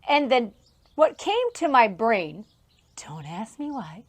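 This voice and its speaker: A woman's voice: fairly high pitch, sing-song, slow pace. A woman in her thirties hosting a casual podcast, telling rambling stories with frequent laughter, recorded outdoors on a farm. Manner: chatty, laughs often, rambling asides. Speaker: podcast host. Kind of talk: casual solo podcast storytelling. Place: outdoors near a horse trailer on a farm.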